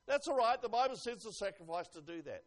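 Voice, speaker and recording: A man preaching a sermon, swinging from hushed asides to loud exclamations and reading scripture slowly with emphasis. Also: high-pitched, expressive.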